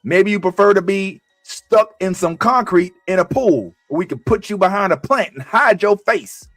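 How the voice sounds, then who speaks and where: A man's voice: high voice, moderate pace, no echo, soft background music, pitched above the performer's own voice. A man doing a furious swearing TV character. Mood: menacing. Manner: swearing, yelling, then menacingly calm. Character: furious man from a TV show, middle-aged, explosive.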